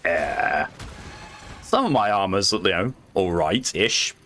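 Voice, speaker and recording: A man's voice: sits low, expressive, slow pace, fairly bright tone, faint music behind. A man chatting casually while streaming a game with friends, joking, swearing and laughing often. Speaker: gamer on a stream. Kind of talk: casual chat while gaming.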